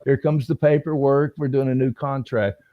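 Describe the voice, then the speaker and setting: A man's voice: medium pitch, fairly even intonation, normal speed, narrow, tinny audio. A man, an actor guest, telling anecdotes in casual chat and acting out the voices of people he quotes. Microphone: video call stream.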